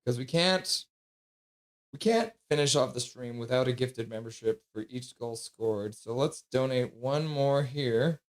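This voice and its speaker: A man's voice: medium pitch, a little slow. A man hosting a casual livestream, chatty and sassy, reading out donations and sleep-deprived. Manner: sassy, joking. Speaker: livestream host.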